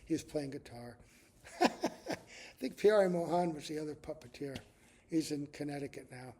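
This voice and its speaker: Older man, spiritual teacher, animated storytelling, mellow warm tone, somewhat high voice. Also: brisk, breathy edge. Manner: animated storyteller, often asks "right?". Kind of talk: storytelling scripture class.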